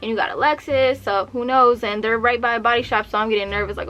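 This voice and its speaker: A woman's voice: fast, few pauses. A young woman in her twenties telling a story in a casual vlog, acting out the lines of the people in it. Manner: animated, acts out quotes with pitch jumps.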